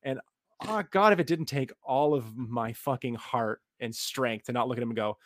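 A man's voice: mid-range voice, normal speed, no room sound. Sarcastic, profane man ranting dry. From United States. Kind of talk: casual political chat.

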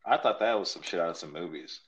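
A man's voice: deep voice, fast talker, fairly bright tone, poor audio. A man in casual chat as a podcast co-host, joking and swearing loosely. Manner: loose, profane, joking banter.

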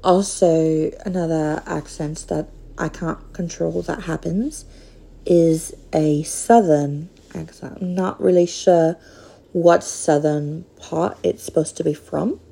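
A woman in her thirties with a Northern Minnesotan accent hosts a casual solo podcast. Her voice is mellow and dark, with a gravelly edge. She talks very slowly and hesitantly, with frequent pauses. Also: sits low, low-quality recording. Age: 30s. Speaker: podcast host.

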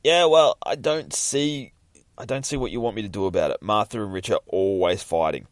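A man's voice: fairly low pitch, moderate pace, no room sound, clean studio sound, close to an everyday voice. A man voicing a tough small-town male sheriff who talks bluntly. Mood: impatient. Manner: blunt, commanding.

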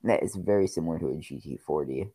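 A young man in casual podcast chat, opinionated and quick to argue back. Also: a bass voice, warm tone, slightly rough, dry recording.

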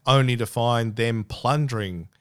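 A man hosting a Bible discussion, talking earnestly and haltingly with many restarts. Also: mid-range voice, fairly bright tone, clear, resonant tone. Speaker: Bible study host.

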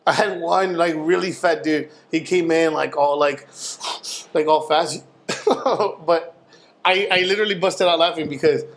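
A young man chats on a podcast in a slightly high voice, spinning loose work stories. He leans on "like" and drops into quick impressions of the people he describes. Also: fairly bright tone. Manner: storytelling with lots of "like", acts out customers. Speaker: podcast co-host. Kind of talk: casual chat.

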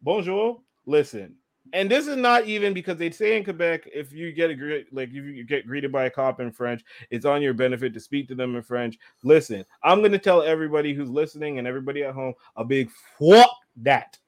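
A man in casual chat, telling a long story with animated energy and plenty of swearing. His voice sits slightly high for a man, and he laughs as he talks. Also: quick pace. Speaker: podcast co-host telling a story.

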